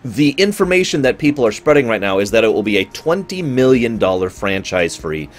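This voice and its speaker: Speaking fairly quickly and sounding very animated, this medium-pitched man is streaming and chatting loosely with his audience. His talk wanders, he addresses chat viewers directly, and he often corrects himself mid-thought.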